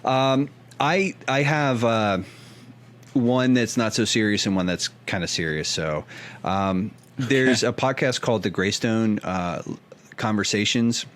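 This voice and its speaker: A man guesting on a casual podcast, talking hesitantly with many pauses and restarts. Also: fairly low pitch, fairly bright tone.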